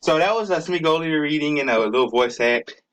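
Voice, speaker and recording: A man's voice: on the high side, lively intonation, fairly quick, fairly bright tone, rough recording. A young man chatting casually to his viewers, loose and rambling, with many fillers, stammered restarts and cussing. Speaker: video creator. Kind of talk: casual rambling vlog talk.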